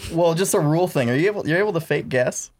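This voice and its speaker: A woman's voice: low-pitched, animated, fast talker, a little mellow, slightly rough. A woman asking questions in a party guessing game, amused and drawling. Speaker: player in a spy guessing game. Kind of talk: casual chat.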